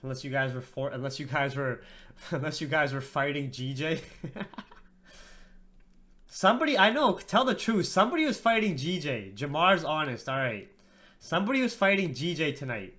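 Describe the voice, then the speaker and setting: A man's voice: on the high side, lively intonation, moderate pace, bright, forceful tone. Tired, slangy man hosting a trading stream. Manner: profane, slangy, chats with viewers as "bro". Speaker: trading livestream host. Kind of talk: casual livestream market commentary.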